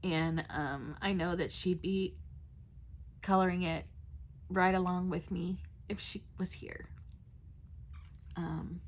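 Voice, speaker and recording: A woman's voice: fairly low pitch, steady tone, takes it slowly, pauses often. A woman hosting a coloring channel, chatting casually with many fillers and restarts. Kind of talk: casual chat.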